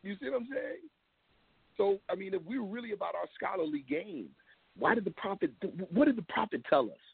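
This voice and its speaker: A man's voice: sits high, lively intonation, fairly quick, vocal fry, breathy edge, dry recording. A man talking as a guest on a call-in show, emphatic and telling stories with acted-out quotes. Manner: emphatic, acts out quotes, laughs often. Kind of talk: animated storytelling talk. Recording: thin phone-like line.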